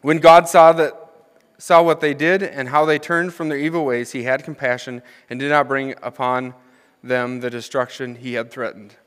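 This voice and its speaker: A man's voice: medium pitch, fairly even intonation, normal speed, a bit bright, smooth. A young adult man, an associate minister, reading scripture and commenting with humor as he preaches, asking the congregation questions. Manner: conversational, asks the congregation questions. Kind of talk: sermon. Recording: long hall reverb.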